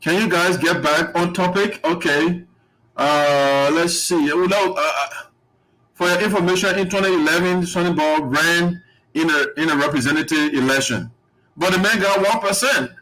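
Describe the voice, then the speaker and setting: A man's voice: a little high, normal speed, pushed and bright, low-quality recording. A man hosting a live online talk show, rambling, laughing often and reading out viewer comments. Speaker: host.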